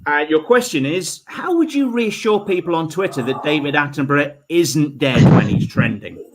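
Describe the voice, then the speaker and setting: A man hosting a comedy panel quiz, reading out questions with quick asides and frequent laughs. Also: fairly high pitch, animated, poor audio. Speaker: quiz host. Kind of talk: casual online panel chat.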